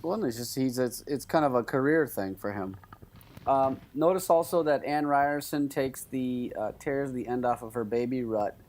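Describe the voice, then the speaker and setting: A man in casual podcast chat, delivering his jokes in a dry, deadpan way. He talks through scenes at an easy pace. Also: medium pitch, normal speed. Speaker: podcast co-host.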